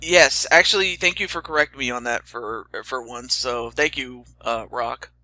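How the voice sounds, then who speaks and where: A man's voice: medium pitch, moderate pace, bright, forceful tone, no room sound. A young man hosting a casual chat, rambling with stammering restarts and fillers. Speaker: host.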